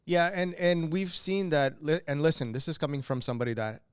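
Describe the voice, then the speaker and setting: Smooth-voiced man co-host. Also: a little high, dry recording, clean studio sound. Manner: measured, hesitant restarts. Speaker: podcast co-host. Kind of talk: casual podcast chat.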